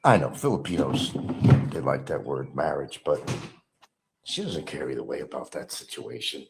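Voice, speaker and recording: A middle-aged man ranting bitterly on a livestream, repeating himself, mocking others and swinging between low mutters and loud outbursts. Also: very animated, moderate pace, gravelly, heavy background noise. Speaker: livestream host. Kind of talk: rambling livestream rant.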